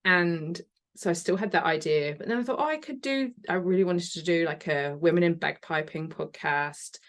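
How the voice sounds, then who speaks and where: A woman's voice: low voice, steady tone, moderate pace. A woman guest in a casual podcast interview, talking in a chatty, enthusiastic way and laughing often.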